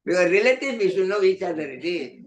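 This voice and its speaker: An older man telling stories in an evening class, animated, laughing often and acting out voices, with many "you know" fillers. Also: sits high, fast talker, low-quality recording. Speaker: monk giving an evening class. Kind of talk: storytelling sermon.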